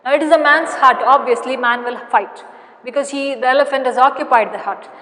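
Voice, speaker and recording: A woman with an Indian English accent teaching an English lesson, explaining patiently and repeating key points with many pauses. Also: sits high, a bit bright, long reverb tail. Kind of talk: recorded classroom lesson.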